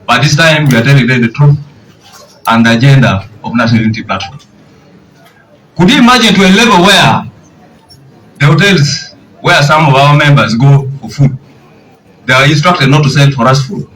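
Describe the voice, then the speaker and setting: A man's voice: mid-range voice, expressive, normal speed, long pauses, a bit bright. Indignant Ugandan man, distant mic. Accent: Ugandan English. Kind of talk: press conference remarks. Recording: distant mic, faint outdoor ambience.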